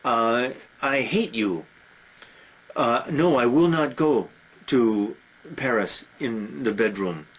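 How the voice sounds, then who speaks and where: A man's voice: mid-range voice, lively intonation, takes it slowly, husky, exaggerated voice, low-quality recording. A man voicing an angry, reproachful woman, Helen of Troy, in a storytelling retelling. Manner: bitter, reproachful.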